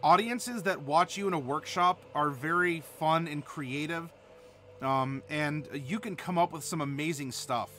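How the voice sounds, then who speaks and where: A man's voice: on the high side, a little slow, a bit bright, slight background noise. A man from Ohio hosting a live stream, chatting casually and answering chat with many fillers. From Ohio, USA. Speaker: streamer host.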